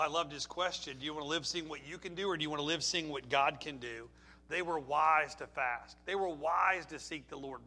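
Bright high-voiced preaching man. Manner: emphatic preaching, rhetorical questions. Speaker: pastor. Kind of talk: sermon.

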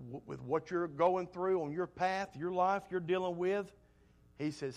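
A man preaching a sermon, telling homespun stories in a folksy way and swinging between loud emphasis and soft asides. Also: on the high side, moderate pace, creaky.

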